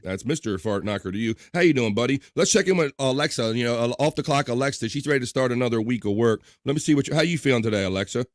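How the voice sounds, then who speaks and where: An upbeat man hosting a live online show, moving through viewer comments in a relaxed, chatty way. His voice sits at an ordinary male pitch. He teases and jokes easily with his audience. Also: fast, few pauses. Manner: upbeat, joking banter with the chat and co-host. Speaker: live stream host. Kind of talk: casual live-stream chat, reading viewer comments.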